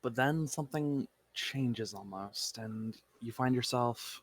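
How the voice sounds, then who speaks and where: A man narrating a tabletop game as game master, in a slow, even, measured way. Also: mid-range voice.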